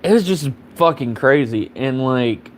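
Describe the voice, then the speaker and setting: A man talking at an ordinary mid-level pitch, telling a story in a loose, rambling way. He swears freely and keeps stacking up fillers as he goes. There is a faint hum of background ambience behind him. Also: lively intonation, unhurried. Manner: rambling and profane, heavy on fillers. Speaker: live streamer. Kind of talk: casual storytelling.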